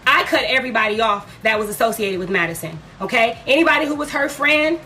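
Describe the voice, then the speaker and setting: A woman's voice: a little high, animated, fast talker, bright, forceful tone, slight background noise. A young adult woman from Detroit tells a heated story on a livestream, blunt and full of profanity, acting out her own side of arguments. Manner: blunt, profane, dramatic retelling.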